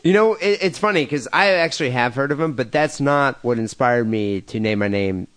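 A man's voice: medium pitch, moderate pace, fairly bright tone. A man co-hosting a crude comedy podcast in casual chat, rambling with lots of fillers and laughing at his own jokes. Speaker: podcast co-host.

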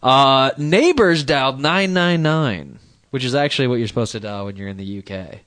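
A man's voice: mid-range voice, lively intonation, moderate pace, fairly bright tone, no echo. A man co-hosting a podcast in casual chat, reading news stories aloud with joking asides. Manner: rambling, jokey, reads news aloud with asides.

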